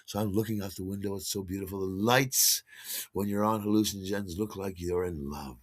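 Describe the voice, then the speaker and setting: A man's voice: sits low, brisk, no echo. A man hosting his own podcast, telling a long personal story in a casual way and acting out the voices of the people in it. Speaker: podcast host.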